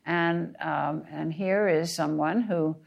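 Low, gravelly-voiced woman panelist. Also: steady tone, dull audio. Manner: quick interjections, conversational. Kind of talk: panel discussion before an audience.

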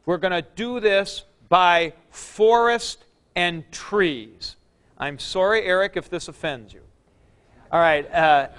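Slow, high-voiced man teaching a class. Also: a bit bright, smooth. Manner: chatty, joking asides to students. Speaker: Greek teacher. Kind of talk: classroom lecture.

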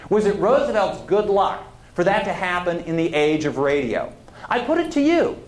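A man giving a conversational history lecture, digressing now and then and putting questions to his audience. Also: a little high. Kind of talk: public lecture. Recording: roomy lecture hall.

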